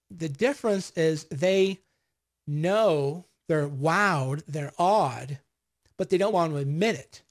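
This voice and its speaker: A man in his forties chatting casually on a livestream, reading viewer comments and telling rambling, boastful stories with acted-out quotes. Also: a little high. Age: 40s. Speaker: vlogger answering viewer comments.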